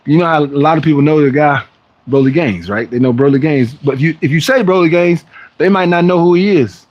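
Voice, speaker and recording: Chatty fitness streamer, higher-pitched man. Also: fairly quick, highs cut off. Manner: rambling and chatty, often acting out other people's voices; loose, slangy talk with repeated restarts. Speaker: fitness livestream host. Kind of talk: casual live-stream chat to viewers.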